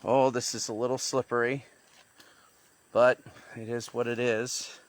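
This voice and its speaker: A man's voice: mid-range voice, level tone, measured pace. A man vlogging as he hikes through the jungle outdoors, thinking aloud as he goes. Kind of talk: talking to camera while hiking. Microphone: handheld phone.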